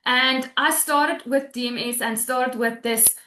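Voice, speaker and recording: A high-pitched woman speaks over a video call from a roomy, echoing space. She tells her story emotionally, halting and restarting as she fights back tears. She sounds to be in her thirties. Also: steady tone, sharp tone. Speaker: webinar guest sharing her story. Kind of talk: emotional testimonial on a webinar.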